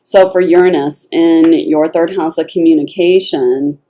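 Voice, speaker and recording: A woman giving a casual tarot reading, animated and blunt, swearing freely and laughing often. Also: deep voice, moderate pace, few pauses. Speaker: tarot reader.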